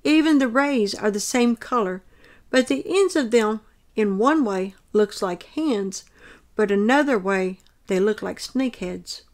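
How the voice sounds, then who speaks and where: A woman earnestly reading aloud a detailed account of her own dream in a measured, descriptive way. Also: mid-range voice, expressive.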